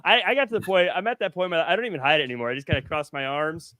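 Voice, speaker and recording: A man hosting a podcast with a somewhat high voice, recorded dry and close. He keeps things playful and jokey, and laughs readily between lines. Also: animated, rapid-fire, sharp tone, no room sound. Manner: playful, joking, laughs often. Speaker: podcast host. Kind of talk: casual podcast chat.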